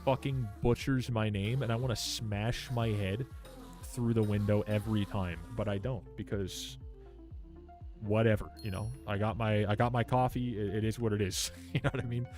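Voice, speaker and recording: A man's voice: on the low side, fairly even intonation, moderate pace, darkish tone, faint music behind. A young man chatting casually on a live stream, rambling and swearing as he rants and answers chat. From Canada. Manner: rambling, profane ranting while reading chat.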